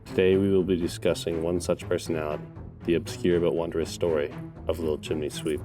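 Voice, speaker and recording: Man, deep voice, solemn mock-documentary narration, measured, music underneath. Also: level tone.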